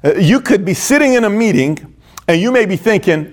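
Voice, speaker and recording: A man's voice: sits high, lively intonation, fast. A man hosting a motivational business talk, speaking emphatically, repeating phrases and acting out people's inner dialogue. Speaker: host.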